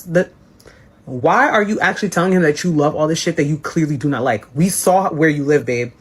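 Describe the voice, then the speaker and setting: A woman's voice: low voice, brisk, husky. A woman hosting a casual live recap chat, sassy and exasperated. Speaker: host.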